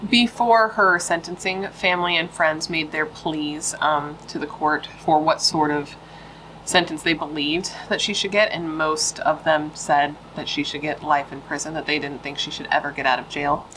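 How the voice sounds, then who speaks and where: A woman with a low but bright, sharp voice tells a true crime story casually. She drops frequent "like" fillers and blunt, sometimes profane opinions. A faint room ambience sits under her voice. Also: fairly even intonation, moderate pace, a little hiss or hum, low-quality recording. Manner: blunt, swears in asides. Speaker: true crime video host.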